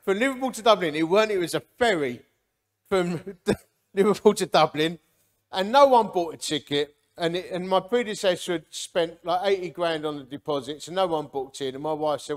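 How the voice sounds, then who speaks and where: A man's voice: high voice, normal speed. A man from the Romford area, a ministry leader giving a humorous, chatty preaching testimony. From Romford area, England. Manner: chatty, animated storyteller.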